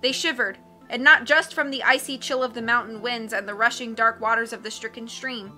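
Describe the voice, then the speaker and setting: A woman narrating a novel aloud with an expressive, storytelling delivery. Her voice sits high and sounds very bright, with soft music under the reading. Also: brisk. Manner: expressive, lifts her voice for dialogue. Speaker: audiobook reader.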